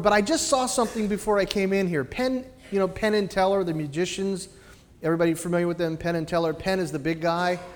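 High-voiced preacher in a reverberant church. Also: male voice. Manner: animated, swings between loud emphasis and quiet lows. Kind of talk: sermon.

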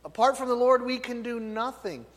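A man preaching a sermon, loud and emphatic, often checking in with his listeners. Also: very high-pitched, normal speed. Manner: loud, emphatic, tag questions. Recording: long hall reverb.

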